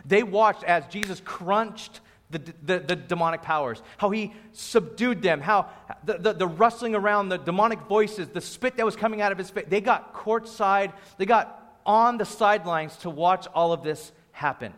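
A young man with a fairly high voice and a sore throat preaches in a loose, storytelling style. His informal, lively delivery rings out with a long reverb trail in a church hall. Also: moderate pace. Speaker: pastor. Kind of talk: conversational sermon. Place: church venue.

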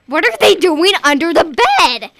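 A woman voicing an exasperated mother who scolds her daughter in a high, rising voice. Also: fairly quick, a bit bright, a little hiss or hum. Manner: scolding, rising to shrill alarm. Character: exasperated mother, later frightened.

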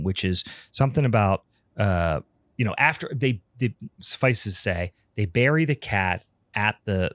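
Low-voiced man rambling through a movie recap. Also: no room sound. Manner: rambling, swears, many fillers. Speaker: podcast co-host.

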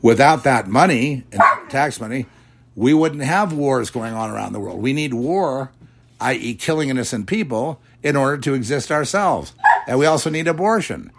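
A man's voice: medium pitch, animated, normal speed, creaky, a little hiss or hum. A middle-aged man hosting a religious commentary show, preachy, mocking imagined critics in put-on quoted voices. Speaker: podcast host.

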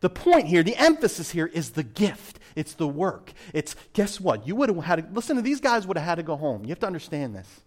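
Animated preacher man, dramatic swings. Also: on the high side, fairly quick, few pauses. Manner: dramatic swings between loud emphasis and hushed asides. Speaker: pastor. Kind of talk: sermon.

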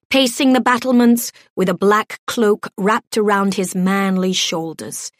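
A woman narrating an audiobook in a measured, gently expressive storytelling voice. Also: mid-range voice, no echo, clean studio sound.

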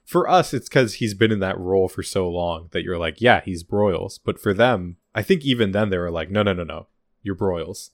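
A man co-hosting a casual podcast chat, rambling and animated, acting out quotes from behind-the-scenes stories. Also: deep voice, moderate pace, few pauses, no echo, clean studio sound. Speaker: podcast co-host. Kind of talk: casual chat about a TV show's extras.

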